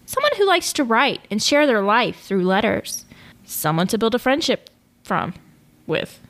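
A woman's voice: a little high, sing-song, measured pace, fairly bright tone. A woman co-hosting a podcast in casual chat, blunt and teasing, laughing often. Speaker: podcast co-host.

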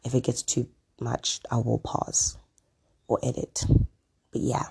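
A podcast host chatting casually on their own, hoarse from a throat illness, rambling with lots of ums and asides. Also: medium pitch, completely flat delivery, unhurried, a little mellow. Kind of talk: casual solo podcast chat. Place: at home.

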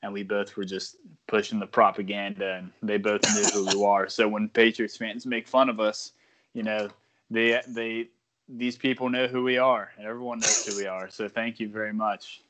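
A man with a somewhat low voice co-hosts a casual sports podcast. He rambles through stories, restarts his sentences and laughs at himself along the way. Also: flat delivery, moderate pace, fairly bright tone. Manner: rambling, self-deprecating, laughs often. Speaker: podcast co-host.

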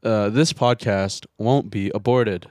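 Young man with deadpan crude jokes. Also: on the low side, slow, no room sound, clean studio sound. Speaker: podcast co-host. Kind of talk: casual chat.

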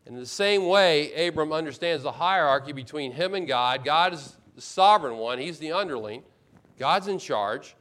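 A man's voice: a little high, lively intonation, normal speed, fairly bright tone. A man preaching a sermon as pastor, explaining scripture with emphatic repetition and acting out complaints in first person.

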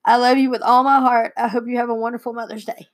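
A woman's voice: fairly high pitch, little pitch movement, quick pace. A young woman, a daughter co-hosting, reading heartfelt letters aloud and fighting back tears. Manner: tearful, emotional reading. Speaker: co-host and daughter.

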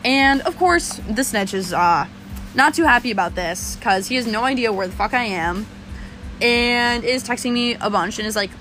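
A young woman telling a story in casual chat, animated and swearing as she talks. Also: fairly high pitch, moderate pace, faint music behind. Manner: animated, swearing, laughing often.

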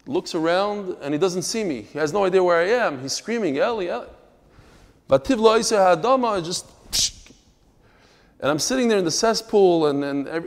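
A man teaching a daily Talmud class as a rabbi, telling stories and explaining texts in an animated, emphatic way with quick asides. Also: sits high, long reverb tail. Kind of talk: lively storytelling and teaching.

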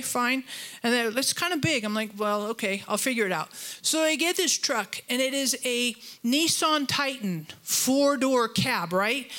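Woman pastor, conversational sermon with funny asides, bright and slightly high voice. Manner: chatty storytelling with humor and asides; animated, voice jumps higher when retelling conflict.

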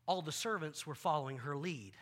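A male pastor preaching a sermon on a church stage, animated, acting out scenes with volunteers and often repeating words. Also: a little high, brisk, breathy edge.

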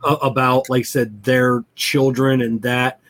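A middle-aged man hosting a show, speaking in a halting way with many fillers and a hopeful tone. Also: medium pitch, level tone, a bit bright. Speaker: host. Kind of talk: casual conversation.

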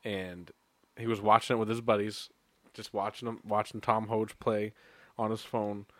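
A man's voice: on the low side, flat delivery, moderate pace, no room sound. A man co-hosting a golf podcast, talking bluntly, swearing casually and explaining stories at length. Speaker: podcast co-host. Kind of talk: casual chat.

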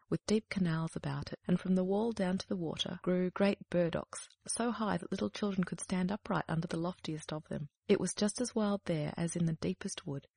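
A woman reading a fairy tale aloud in a steady, measured storytelling manner. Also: lowish voice, gravelly, slightly rough. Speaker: narrator.

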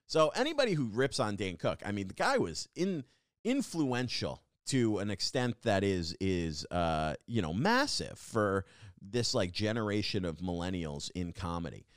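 A young adult man hosting a podcast, telling a comedic story in a rambling, animated way full of fillers and restarts. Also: fairly low pitch, moderate pace, dry recording, clean studio sound. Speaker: podcast host.

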